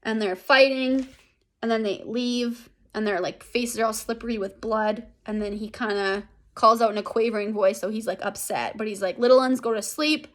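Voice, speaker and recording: A woman's voice: medium pitch, steady tone, normal speed. A young woman teaching an English class in a recorded lesson. She talks casually, uses a lot of fillers and keeps checking in with "right?".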